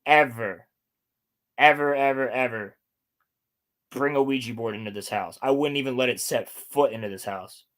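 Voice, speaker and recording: A young man hosting a casual podcast chat, telling animated stories and swearing often. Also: mid-range voice, normal speed, long pauses. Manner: animated storytelling, heavy swearing. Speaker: podcast host.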